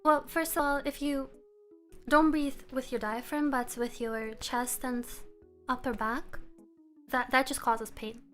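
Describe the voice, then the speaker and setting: A woman streamer chatting casually with her viewers. She is relaxed and laughs often. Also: high-pitched, measured pace, faint music behind. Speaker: live streamer. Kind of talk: casual live-stream chat. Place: room at home.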